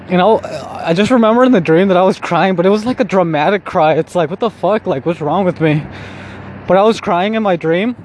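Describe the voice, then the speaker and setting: A man's voice: high-pitched, a little mellow. A young man talking casually while walking outdoors, rambling and self-mocking, swearing often and laughing at himself. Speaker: vlogger. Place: city street outdoors. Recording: faint street noise outdoors.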